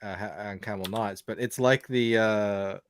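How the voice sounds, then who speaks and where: A man with a General Australian accent chatting casually on a podcast, talking in a relaxed way with restarts. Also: lowish voice, moderate pace, slight background noise. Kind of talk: casual chat.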